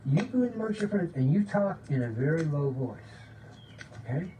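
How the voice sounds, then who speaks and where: A man giving an informal, excited spiritual talk, often checking in with "okay?" and sometimes dropping to a low voice to demonstrate. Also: moderate pace. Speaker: spiritual teacher. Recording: distant mic with faint background noise.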